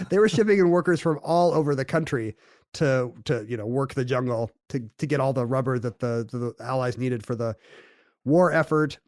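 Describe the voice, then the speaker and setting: A man co-hosting a podcast, telling a story in a jokey, lively chatty way. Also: medium pitch, moderate pace, no room sound, studio quality. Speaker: podcast co-host. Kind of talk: casual conversational podcast chat.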